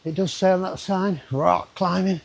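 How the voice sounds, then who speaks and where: A man's voice: sits high, steady tone, normal speed, creaky. A man, chatting casually to his camera as he walks through a river gorge outdoors, rambling with asides to himself. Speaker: travel vlogger. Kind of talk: casual walking commentary.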